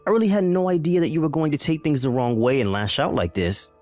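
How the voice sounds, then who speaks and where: A man's voice: fairly high pitch, fast, a little mellow, no room sound, soft background music, lightly acted. A man voicing a confused, alarmed husband. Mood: bewildered. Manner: questioning, alarmed. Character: bewildered husband, pleading and confused. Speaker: husband in a text-message story.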